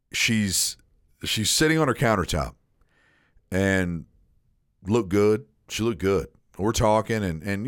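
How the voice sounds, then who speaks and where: Low-voiced man telling a rambling story. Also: no echo, studio quality. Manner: rambling, repeats words, acts out quotes. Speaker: storyteller on a chat show. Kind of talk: casual storytelling chat.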